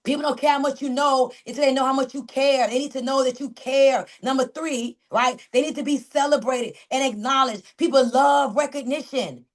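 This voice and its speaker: High-voiced woman sales coach, animated and preachy, motivational team call. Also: moderate pace, hardly any pauses. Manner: animated, preachy, calls out team members by name. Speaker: network marketing coach.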